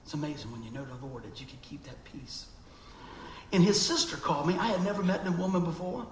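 A man's voice: on the high side, fast talker, reverberant, a little hiss or hum, low-quality recording. A man preaching a sermon, telling a story animatedly and acting out the voices of people in it.

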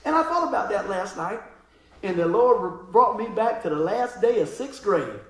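A middle-aged male pastor with a high voice tells a comic story from the pulpit, laughing as he goes and then sinking into hushed asides. His voice carries through a roomy, echoing hall. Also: normal speed. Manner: animated, laughing storyteller who drops to quiet asides. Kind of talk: sermon with humorous storytelling.

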